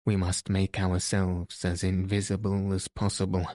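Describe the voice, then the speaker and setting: A man's voice: low-pitched, monotone, mellow, no room sound, studio quality. A man reading aloud, voicing a grave and cautious Persian guide in a storybook. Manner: measured, cautious, mournful.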